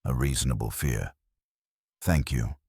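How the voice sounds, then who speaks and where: A man voicing a calm male detective who asks short, measured questions. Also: extremely low pitch, gravelly, husky, no room sound, studio quality, voice pushed down, heavily acted. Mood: probing.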